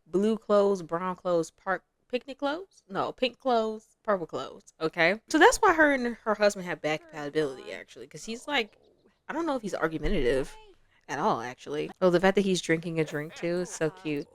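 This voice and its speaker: Brief: young woman, gameplay commentator, lively pitch, chatty, quick to laugh. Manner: chatty, laughs often, acts out quotes. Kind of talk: casual game commentary.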